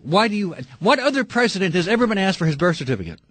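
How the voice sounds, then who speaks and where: A middle-aged man hosting a call-in radio talk show, talking fervently and breaking into shouting rants. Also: high voice, very animated, fast, slightly rough, no echo. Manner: impassioned, ranting, shouting at times.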